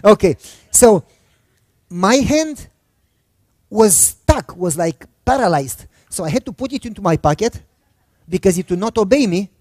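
A man's voice: high-pitched, lively intonation, unhurried, darkish tone, dry recording, clean studio sound. A middle-aged male pastor preaching a sermon, telling a personal story in a conversational way and acting out the dialogue. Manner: conversational, acts out quoted dialogue.

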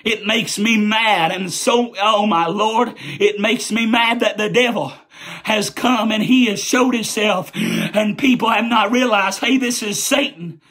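Fervent, high-voiced, husky preacher shouting. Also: male voice, fairly even intonation, measured pace. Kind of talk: Pentecostal holiness sermon.

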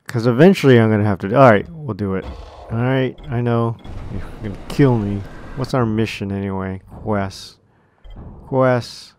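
A man's voice: mid-range voice, darkish tone, clean tone. A man giving casual, joking commentary while he plays a video game and reads menu options aloud. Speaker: gamer. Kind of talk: let's play commentary.

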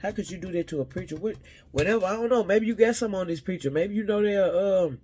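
A man's voice: high-pitched, fast, darkish tone, slight background noise. A man giving a casual spiritual reading to his viewers, rambling and talking straight to them while often second-guessing his own words.

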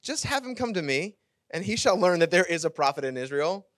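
A man's voice: sits high, sing-song, fairly quick, fairly bright tone, no room sound, studio quality. A preacher acting out an unbothered old prophet who brushes off a king. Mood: dismissive. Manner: offhand, dismissive. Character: unbothered old prophet, man, dry and dismissive.

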